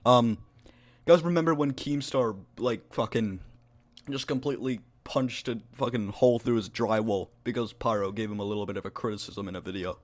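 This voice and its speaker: A man's voice: mid-range voice, brisk. A man co-hosting a podcast in casual chat, rambling with fillers and swearing. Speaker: podcast co-host.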